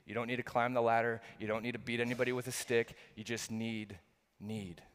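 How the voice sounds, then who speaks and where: A man's voice: mid-range voice, flat delivery, fairly quick, a bit bright. A middle-aged male pastor preaching a sermon, earnest and repetitive, full of rhetorical questions. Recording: long hall reverb.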